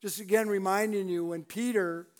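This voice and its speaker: High-voiced chuckling pastor preaching. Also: male voice, fairly even intonation, moderate pace. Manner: conversational, chuckles often, rambling restarts. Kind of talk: sermon.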